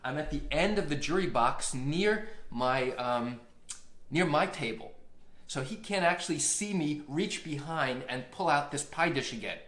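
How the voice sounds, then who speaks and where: A man, a lawyer hosting a live stream, telling a courtroom story in a lively way and acting out the quotes. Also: fairly high pitch, unhurried, roomy sound.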